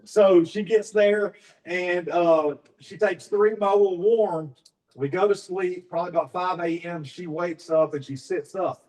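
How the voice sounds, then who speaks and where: A man from Alabama giving a testimony to a live audience, telling his story haltingly with many fillers. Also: high-pitched, fairly even intonation, a little mellow, far from the mic, low-quality recording. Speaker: business partner sharing his story.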